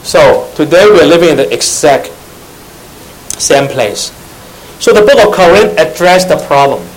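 A man's voice: on the high side, expressive, unhurried, slight background noise, rough recording. A man with preaching a sermon to young church members, repeating phrases, questioning the audience and adding teasing asides.

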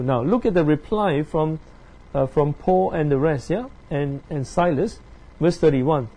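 A man leads a Bible study, his voice a little higher than most but soft and mellow in tone. He stumbles over fillers and restarts as he goes. He keeps asking his listeners "yeah?" and "right?" to check they are following. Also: poor audio. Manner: halting, many fillers and repeated tag questions. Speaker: preacher. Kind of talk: Bible teaching.

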